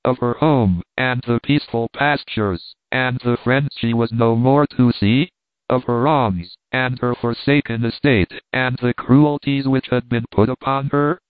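Man, audiobook narrator, measured earnest reading, tinny narrow sound, dry. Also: medium pitch, smooth, dry recording. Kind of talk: scripted first-person narration.

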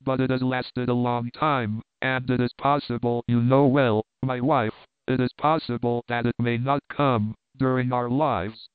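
A man's voice: mid-range voice, level tone, measured pace, clear, resonant tone, no room sound, lightly acted. A man reading as a weary, hesitant wine-shop husband. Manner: tired, hesitant, half apologetic. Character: weary, mild middle-aged Frenchman, wine-shop keeper. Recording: tinny phone-like, dry.

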